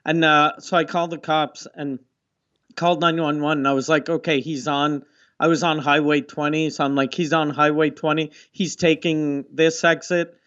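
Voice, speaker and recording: A man's voice: a little high, level tone, normal speed, a bit bright, smooth, highs cut off. A man co-hosting a comedy podcast, telling profane, laid-back stories in casual chat. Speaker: podcast co-host.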